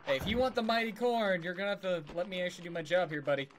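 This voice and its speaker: A man's voice: high-pitched, very fast, noisy background. A man casually commentating as he plays a video game, rambling and chuckling and talking back to the characters. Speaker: streamer playing a video game. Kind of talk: casual let's-play commentary. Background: game music.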